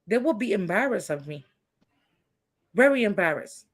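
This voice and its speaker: A woman on a livestream chat who talks in an animated, preachy and emphatic way, with a faint hiss of background noise. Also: medium pitch, fairly quick, pauses often. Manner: animated, preachy and emphatic, says she feels hyper.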